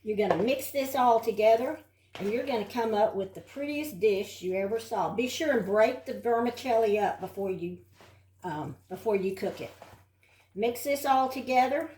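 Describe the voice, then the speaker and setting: A woman's voice: on the high side, darkish tone, slight background noise. An older woman from Texas giving a chatty, homey tour of her house and showing a recipe in her kitchen. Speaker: home cook and host. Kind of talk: casual home tour and cooking demo. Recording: roomy sound from off-mic.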